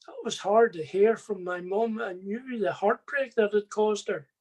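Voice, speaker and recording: A man's voice: sits high, measured pace, a little mellow. A man giving a personal faith testimony, telling his story plainly and speaking straight to his listeners.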